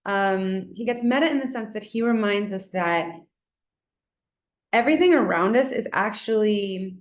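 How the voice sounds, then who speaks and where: A woman's voice: medium pitch, echoey room. A young woman hosting a casual book discussion, chatty and full of "like," reading passages aloud now and then. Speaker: book club host.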